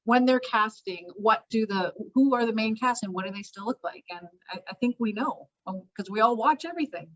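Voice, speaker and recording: A woman's voice: a little high, brisk, few pauses, fairly bright tone. A woman speaking on an industry panel, thoughtful and hesitant, with frequent fillers. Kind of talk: panel discussion. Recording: dull lo-fi audio.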